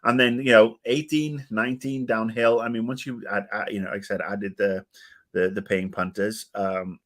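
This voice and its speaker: Middle-aged British co-host, low-pitched, ranty, rambling, swears. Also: male voice, steady tone, moderate pace, a bit bright. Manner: rambling, opinionated, swears, many restarts. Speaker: podcast co-host. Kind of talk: casual podcast chat.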